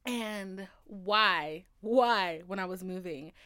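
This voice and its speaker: A woman's voice: medium pitch, normal speed. A young woman in her twenties, a podcast host telling casual stories with lots of swearing and laughter. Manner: animated, swearing, laughing often. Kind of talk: casual storytelling.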